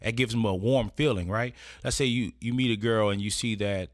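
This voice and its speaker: A man's voice: fairly low pitch, steady tone, brisk, no echo, clean studio sound. A man presenting an etiquette lesson in a casual instructional style, partly read, often checking in with "right?". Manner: conversational, checks in with frequent "right?". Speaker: presenter giving etiquette advice.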